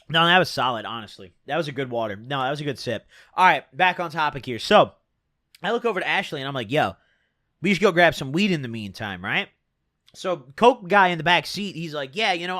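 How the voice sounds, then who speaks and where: A man's voice: on the high side, bright, forceful tone, no echo, clean studio sound. A young man telling a rambling, slangy storytime tale to camera, full of fillers and asides. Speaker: storytelling vlogger. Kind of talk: casual storytime monologue.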